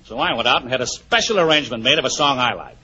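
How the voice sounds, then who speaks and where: A man with a gruff, wisecracking manner in a scripted radio comedy. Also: medium pitch, animated, racing, pushed and bright. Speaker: comic guest. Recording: dull 1940s radio broadcast with hiss.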